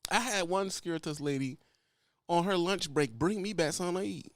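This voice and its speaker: A man's voice: sits high, fairly quick, no echo. A man with a Louisiana accent, a truck driver lecturing bluntly and profanely in a ranting vlog.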